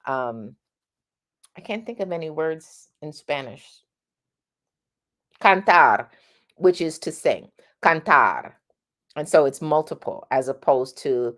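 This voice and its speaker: A middle-aged woman giving a chatty singing lesson, often checking in with "right?" and demonstrating sounds. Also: low-pitched. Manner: demonstrates sounds mid-sentence. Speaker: singing teacher. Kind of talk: casual vocal lesson.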